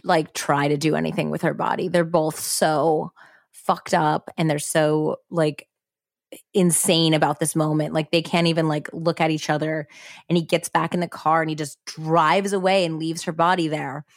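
Chatty, profane woman, low voice, dry sound. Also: flat delivery, moderate pace, dry recording. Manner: chatty, frequent "like", blunt and profane. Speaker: podcast host. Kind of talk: casual true-crime storytelling.

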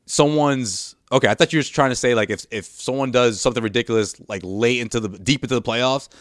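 A man hosting a casual sports podcast, quick and laughing as he steers the talk. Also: medium pitch, dry recording, studio quality. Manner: quick, laughing, leads the segments. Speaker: podcast host.

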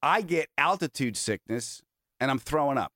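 A man hosting a podcast, telling a long story in an animated, rambling way and swearing freely. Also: mid-range voice, normal speed, dry recording, studio quality. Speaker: podcast host. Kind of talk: casual storytelling chat.

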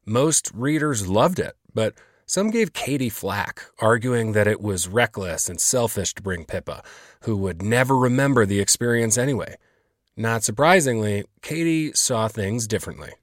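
Low-voiced man narrating a podcast. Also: expressive, normal speed, no room sound, clean studio sound. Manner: wry, conversational narration. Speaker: podcast host. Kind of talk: scripted narration and interviewing.

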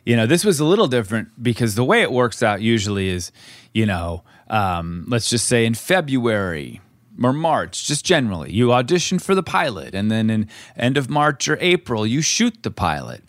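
A man's voice: medium pitch, sing-song, moderate pace, no echo, studio quality. A middle-aged man co-hosting a podcast, chatting candidly and rambling with frequent restarts. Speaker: podcast co-host, actor. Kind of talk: casual podcast chat.

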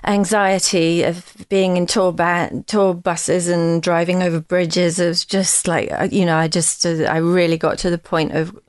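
A woman, a musician guest in a casual interview, telling her story in a rambling, halting way with many restarts. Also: on the low side, level tone, clean tone, dry recording.

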